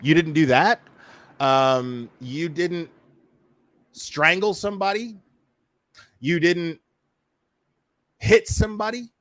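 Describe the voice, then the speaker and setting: A man's voice: on the high side, takes it slowly, pauses often, fairly bright tone, no room sound. A man hosting a casual reaction commentary, swearing freely, laughing and stammering through restarts. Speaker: YouTube commentary host.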